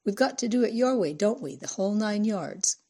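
A woman voicing an emotional wife who wails, sobs and pouts, husky and mellow in tone. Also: medium pitch, expressive, brisk. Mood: coaxed, playful. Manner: wailing, sobbing, pouty. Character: emotional wife, weepy and demanding.

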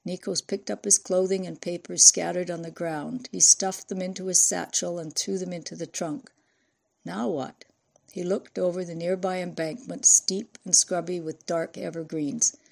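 A woman's voice: lowish voice, vocal fry, warm tone. Woman narrating a thriller audiobook. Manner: measured, storytelling. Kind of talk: scripted narration.

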